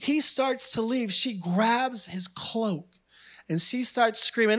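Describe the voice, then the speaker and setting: A man preaching a sermon, telling a story in an animated way with playful asides to the congregation. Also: high-pitched, slow pace. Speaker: pastor.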